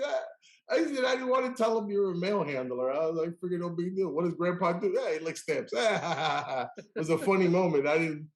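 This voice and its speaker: A man hosting a casual interview, telling animated stories and acting out the people he quotes. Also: high-pitched, normal speed, echoey room. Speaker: podcast host.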